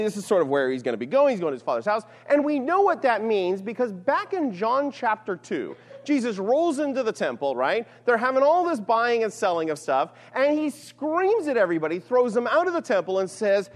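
A man teaching a class on scripture in a lively, conversational way, often checking in with "right?". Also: high-pitched, in a large hall. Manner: animated, conversational, frequent "right?" asides. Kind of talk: lecture on scripture.

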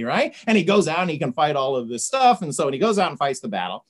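A woman's voice: sits low, very animated, fast talker, hardly any pauses. A woman giving an informal lecture, retelling a story conversationally and often checking in with "right?".

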